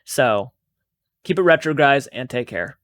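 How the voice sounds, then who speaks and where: A man's voice: medium pitch, expressive, unhurried, a bit bright, a little hiss or hum. A man hosting his own channel, telling a paranormal experience in a casual, rambling, earnest way and swearing freely. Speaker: channel host.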